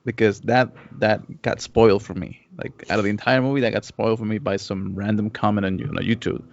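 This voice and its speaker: A man co-hosting a podcast in casual chat, animated and swearing, acting out his reactions. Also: lowish voice, fairly quick, vocal fry. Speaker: podcast co-host. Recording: dull lo-fi podcast recording.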